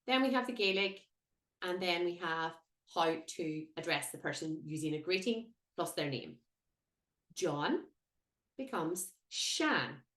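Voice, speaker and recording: Slow, lilting woman teaching. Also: fairly low pitch, a bit bright. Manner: careful, lilting, drawn-out modelling of words. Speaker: Irish language teacher. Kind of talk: slow instructional lesson with repetition. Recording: echoey room.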